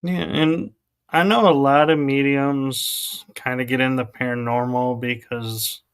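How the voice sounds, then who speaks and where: A man's voice: mid-range voice, fairly even intonation, measured pace, smooth. A man hosting an interview, asking reflective, thoughtful questions. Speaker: podcast host. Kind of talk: interview conversation.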